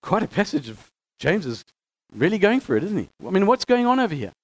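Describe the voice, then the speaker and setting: A high-pitched man gives a bible lesson in a lively teaching manner. He reads passages aloud with stress on key words and often restarts his sentences as he explains. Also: fairly quick. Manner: animated, reads scripture aloud with emphasis, frequent restarts. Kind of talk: teaching talk on scripture.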